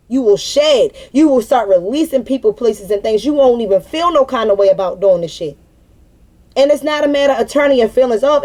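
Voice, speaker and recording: Her voice is high with a darkish tone: a young woman and spiritual vlogger letting off steam in an unscripted monologue. She's blunt and profane, preaching through emphatic, repeated phrases.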